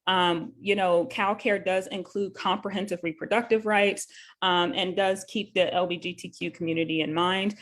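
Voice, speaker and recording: A woman's voice: lowish voice, fairly even intonation, normal speed. A woman hosting a live talk show as a nurse, explaining a bill in an earnest, conversational way with many fillers and self-corrections. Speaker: host and nurse.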